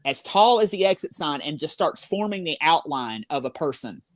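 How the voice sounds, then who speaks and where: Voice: medium pitch, animated, moderate pace, dry recording. A paranormal investigator telling a story in a rambling way, full of fillers like "like" and "you know". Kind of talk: casual storytelling in a group interview.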